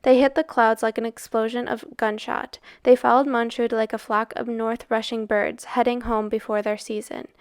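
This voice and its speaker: A woman's voice: a little high, flat delivery, normal speed, hardly any pauses, clear, resonant tone, dry recording, clean studio sound. Woman reading a novel aloud. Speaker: reader.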